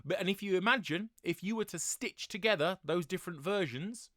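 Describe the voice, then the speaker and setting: A man directing a choir, explaining breathing in a relaxed tutorial with many fillers. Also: sits high, a little fast, no echo, clean studio sound.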